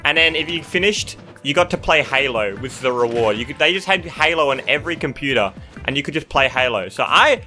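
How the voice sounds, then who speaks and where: A man's voice: medium pitch, expressive, fairly quick, pushed and bright. A young man from Australia tells stories from his school days while playing a video game, often cutting off mid-story to react to the game. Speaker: gaming YouTuber. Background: game music.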